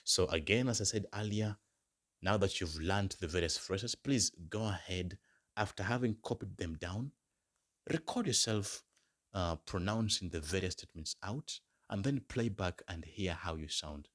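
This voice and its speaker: A man teaching basic German phrases in a lesson, saying each phrase slowly several times and then giving the English meaning. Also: low-pitched, a bit bright. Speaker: German language tutor. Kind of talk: slow, repeated language lesson.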